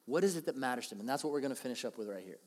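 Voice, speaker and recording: A middle-aged man preaching a sermon in a casual, conversational way, acting out quoted lines with lively shifts of voice. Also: mid-range voice, rapid-fire, in a large hall. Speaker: pastor.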